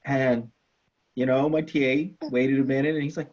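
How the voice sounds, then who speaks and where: A man teaching chemistry in a casual, animated way, telling a story from his own student days and acting out the people in it. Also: mid-range voice, normal speed, dull audio. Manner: animated, acts out quoted people, swears casually. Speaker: chemistry instructor.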